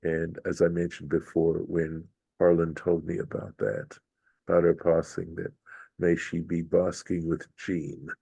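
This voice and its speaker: A rabbi in his later years leads an unhurried scripture study, thinking aloud and circling back to rephrase. His voice sits very low and mellow. It is recorded close and dry. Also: flat delivery, creaky, husky, no room sound. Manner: thoughtful, unhurried, reflective with many restarts. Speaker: rabbi teaching Torah study. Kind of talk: informal scripture lesson.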